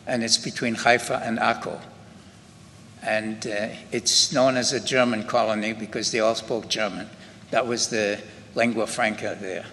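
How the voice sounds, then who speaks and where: An older man with a Scottish accent, giving slow, halting spoken testimony to an audience in a synagogue hall. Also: mid-range voice, fairly bright tone. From Scotland. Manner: slow, halting storytelling with many pauses and restarts. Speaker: Holocaust survivor giving testimony. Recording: reverberant hall with faint ambient noise.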